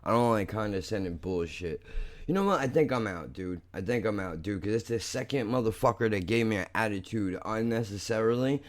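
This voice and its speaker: A young man hosting a podcast, talking in a blunt, profane, rambling way that turns angry fast. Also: lowish voice, animated. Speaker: podcast host. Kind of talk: casual monologue.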